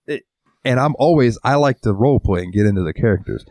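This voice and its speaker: A man's voice: medium pitch, animated, quick pace, a little mellow, dry recording. A man co-hosting a casual podcast, rambling and swearing freely, acting out little quotes as he talks. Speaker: podcast co-host. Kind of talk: casual chat.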